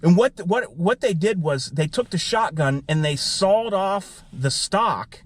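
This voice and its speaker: A man tells a funny story in a casual, animated manner from inside his car. His voice sits a bit higher than an average man's, and he keeps circling back with "I said.". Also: measured pace, no room sound. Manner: animated, repeats "I said". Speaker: vlogger.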